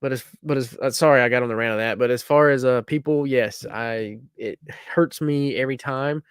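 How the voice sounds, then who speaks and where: A relaxed man from the United States chatting crudely on a podcast. He laughs often and swears freely. The sound is dry, and his pitch sits in the middle. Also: brisk, smooth, no room sound. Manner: laid-back, laughs often, profane. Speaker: podcast co-host. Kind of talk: crude casual chat.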